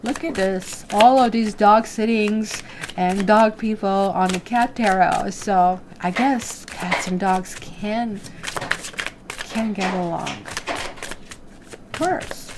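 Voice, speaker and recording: Woman doing a tarot reading, chatty, mid pitch, bit of noise behind. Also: steady tone, takes it slowly. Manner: chatty, talks straight to viewers. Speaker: tarot reader.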